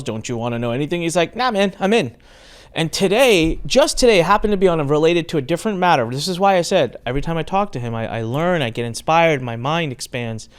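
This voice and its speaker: Middle-aged man, podcast host, animated storyteller, casual chat, medium pitch. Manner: animated storyteller, acts out quoted exchanges.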